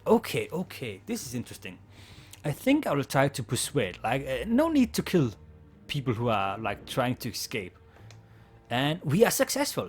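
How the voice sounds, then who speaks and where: Casual non-native gamer reading aloud. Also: male voice, mid-range voice, big pitch swings, normal speed, slightly rough. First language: not English. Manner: casual and chatty, reads game text aloud. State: slightly sore throat. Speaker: let's play gamer. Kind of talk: let's play reading and commentary.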